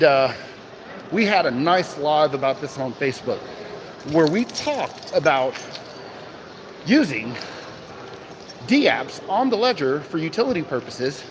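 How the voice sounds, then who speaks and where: A fairly high-pitched man runs a casual crypto livestream on a handheld phone, lively and talking straight to his chat. He greets people by name and asks rhetorical questions while keys jangle over slight background noise.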